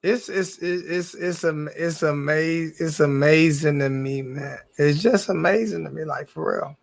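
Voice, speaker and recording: Sounding like a combative sports YouTuber, this man rants back at his live-stream chat in a high, gravelly, crackling voice at a measured pace. He says the same line again and again and swears in heavy slang.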